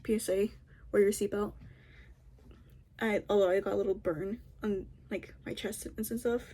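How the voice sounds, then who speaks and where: A woman's voice: fairly high pitch, darkish tone, slightly rough. A young woman vlogger telling a story in a casual, rambling way, full of restarts and fillers.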